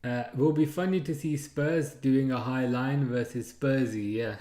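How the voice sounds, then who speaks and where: Speaking a little slowly in a warm, mid-range voice, a thirty-something streamer hosts a live football watchalong. He chats, laughs and reads viewer comments aloud in an echoey room.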